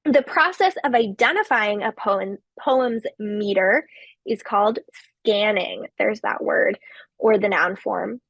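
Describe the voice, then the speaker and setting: Slow, gravelly woman lecturing. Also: mid-range voice, fairly bright tone, no echo. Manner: slow, explanatory, with fillers. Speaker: literature lecturer. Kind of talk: recorded academic lecture.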